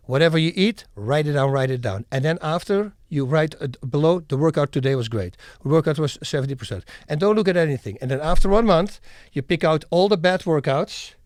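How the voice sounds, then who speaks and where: A middle-aged man from the Netherlands, telling stories as a podcast guest in an animated, emphatic way and acting out scenes. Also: on the high side, no room sound, clean studio sound. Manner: animated, emphatic storyteller who acts out scenes. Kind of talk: podcast interview storytelling.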